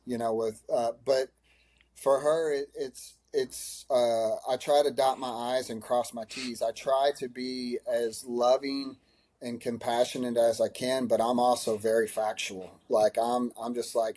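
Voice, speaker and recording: Earnest, mellow-voiced man coach. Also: medium pitch, fairly even intonation, measured pace. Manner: earnest, emotional, rambling with many restarts. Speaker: high school cross country coach. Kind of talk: podcast interview answer.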